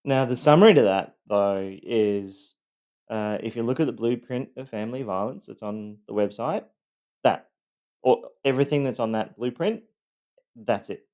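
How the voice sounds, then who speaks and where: A man's voice: medium pitch, normal speed, a little mellow. A man with an Australian accent, telling his own story in a loosely scripted monologue, rambling with many ums and a wry, self-deprecating edge.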